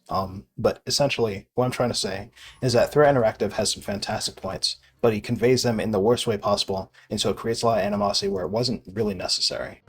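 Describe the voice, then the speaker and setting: A young man casually rambling and swearing as he plays a video game, sarcastic and quick to laugh at himself. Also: lowish voice, slightly rough. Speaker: gaming video creator. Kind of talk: casual rambling commentary while playing.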